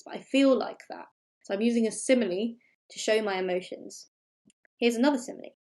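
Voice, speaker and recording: A woman with an English accent, teaching a recorded remote lesson to young pupils and clearly explaining and stressing key words. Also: mid-range voice, brisk, darkish tone. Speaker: primary school teacher.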